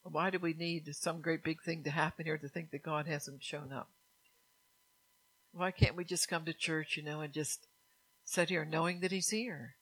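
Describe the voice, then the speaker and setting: A woman's voice: low voice, steady tone, moderate pace, a bit bright, low-quality recording. A woman preaching a sermon to her congregation, earnest and repetitive, with frequent laughs.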